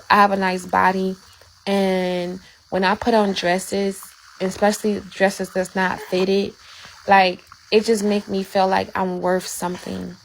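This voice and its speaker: A woman's voice: mid-range voice, gravelly. A woman fervently sharing a religious testimony, preaching and repeating phrases for emphasis. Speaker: guest.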